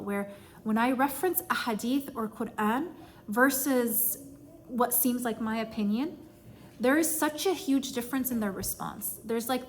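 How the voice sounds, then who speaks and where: Woman teacher, 30s, slightly high voice, chatty class talk mixing in Arabic phrases, faint noise behind. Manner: conversational, sprinkled with Arabic phrases. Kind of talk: informal religious talk to a group.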